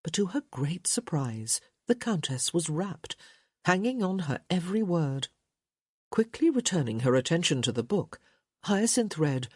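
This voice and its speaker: Expressive woman narrating an audiobook. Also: on the low side, measured pace, breathy edge, no room sound, studio quality. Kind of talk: scripted narration.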